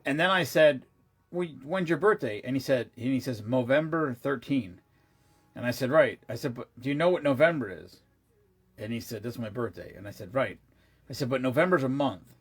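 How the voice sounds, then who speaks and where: A man's voice: medium pitch, expressive, brisk, husky. A tired man chatting casually to his viewers, rambling with many restarts and asides and the odd swear word. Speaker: vlogger. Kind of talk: casual chat.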